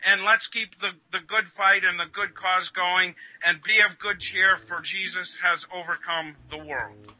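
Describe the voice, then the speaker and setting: A man's voice: sits high, fairly even intonation, unhurried, sharp tone, no room sound, rough recording. A male guest in a casual interview, talking earnestly and preachily, stammering and repeating words.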